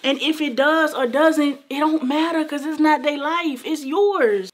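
High-voiced emphatic young woman. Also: measured pace. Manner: emphatic, repeats phrases, calls viewers baby and y'all. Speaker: beauty vlogger. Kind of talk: casual heartfelt talk to camera.

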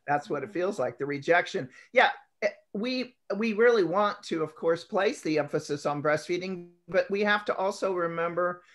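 A woman's voice: fairly low pitch, normal speed. A woman nurse on a talk show, explaining in an earnest, list-like way. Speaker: guest nurse. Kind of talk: conversational expert talk.

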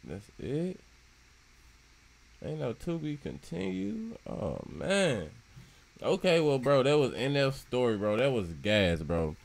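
Excitable man reacting, lively voice. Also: medium pitch, slow, gravelly, noisy background. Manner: excitable, slangy, keeps saying "bro". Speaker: reaction video host. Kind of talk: casual reaction commentary.

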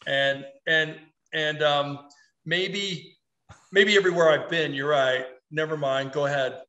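Middle-aged guy running a sports podcast, bright voice, chatty, rambly, jokes on himself. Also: on the high side, measured pace, dull audio. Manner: animated, rambling, self-mocking. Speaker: podcast host. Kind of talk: casual sports talk.

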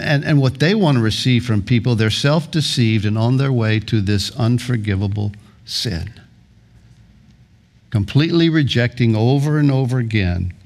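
A male pastor preaching a sermon in a church, earnest, often restarting his words. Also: mid-range voice. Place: church sanctuary.

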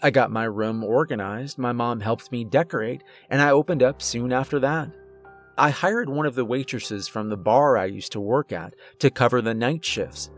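Man, horror story narration, measured and dramatic, middle pitch, faint music underneath.

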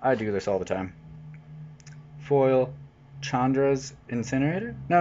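A man chatting casually while opening trading card packs, jokey, with sudden excited outbursts. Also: mid-range voice, measured pace, dull audio, a little hiss or hum. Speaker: channel host unboxing cards. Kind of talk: casual unboxing commentary. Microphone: off-camera voice-over mic.

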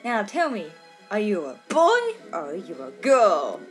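A woman's voice: mid-range voice, wildly swooping pitch, soft background music. Professor Oak, as a woman attempts him. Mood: welcoming. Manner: earnest and halting, breaking into giggles. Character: kindly elderly male professor welcoming a newcomer.

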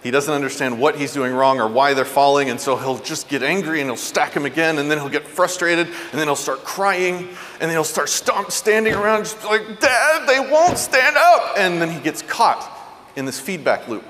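A man giving a parenting talk, telling stories earnestly and going soft and low for tender points. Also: a little fast, in a large hall, a little hiss or hum. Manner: earnest, animated storyteller, drops soft and low for tender moments. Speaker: parenting speaker. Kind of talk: motivational talk.

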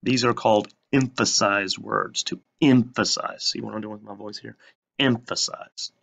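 A male teacher giving a recorded lesson, who asks questions and then answers them himself with slow emphasis. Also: on the low side, little pitch movement, gravelly, pushed and bright.

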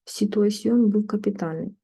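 A woman English teacher chatting casually while setting up an online lesson, with a husky voice. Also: mid-range voice, moderate pace, mellow, rough recording.

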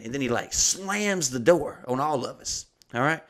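Brief: male comedian host, mid pitch, heated and profane anecdote delivery. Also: normal speed. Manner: heated, swearing, acts out quoted people.

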